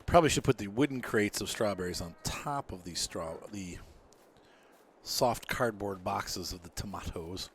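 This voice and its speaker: A man's voice: on the low side, normal speed, slight background noise. A man giving casual, self-mocking commentary over a farming game, chatting and muttering to himself. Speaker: gameplay commentator.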